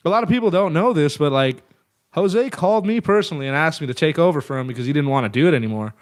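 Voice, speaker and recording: A man's voice: on the high side, expressive, quick pace. Laid-back, foul-mouthed man telling stories. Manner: profane, laid-back, lots of fillers. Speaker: guest, metal singer. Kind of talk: casual storytelling chat.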